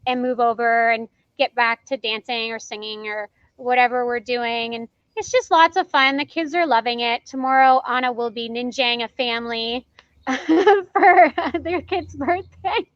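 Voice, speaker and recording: An animated woman tells stories in a casual interview, acting out the dialogue and laughing as she goes. Her voice is bright and forceful. The recording is dry and a little dull. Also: on the high side, measured pace, clean tone, no room sound. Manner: animated, acts out quoted dialogue, laughs often. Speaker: party character performer.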